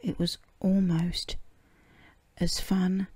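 Woman, whispered storybook reading, slow, breathy, low and mellow, dry close sound. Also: little pitch movement, no echo. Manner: soft hushed half-whisper. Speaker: storybook reader.

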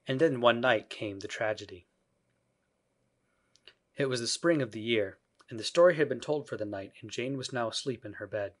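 A male audiobook narrator reading a children's classic in a measured, even scripted narration. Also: mid-range voice.

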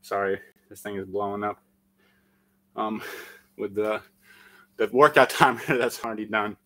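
A man's voice: fairly low pitch, fairly even intonation, measured pace, bright, forceful tone, poor audio. A man leading a live-streamed workout, out of breath after exercising, calling out countdowns and encouragement and chatting with lots of fillers. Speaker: fitness instructor.

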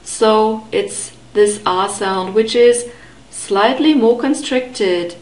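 Slow, careful woman teaching pronunciation. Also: mid-range voice, darkish tone, reverberant, poor audio. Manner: careful, deliberate enunciation with repeated model words. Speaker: language teacher.

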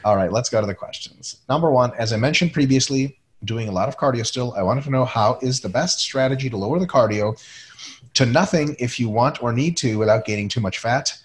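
A man's voice: medium pitch, fairly quick. A man co-hosting a casual webinar, reading out listener questions and answering bluntly with profanity and jokes.

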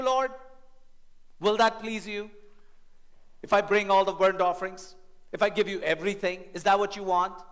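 A man's voice: high voice, pitched above the performer's own voice, close to an everyday voice. A man preaching, acting out a sarcastic, snotty male defense lawyer who pleads with exaggerated offers.

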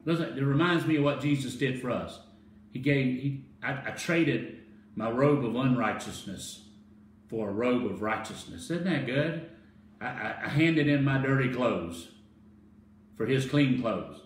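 Excited preacher in an echoey room. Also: male voice, measured pace, far from the mic. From United States. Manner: builds from hushed, low storytelling to excited, loud preaching with laughter; calls the listeners to repeat phrases after him. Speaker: pastor. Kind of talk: sermon.

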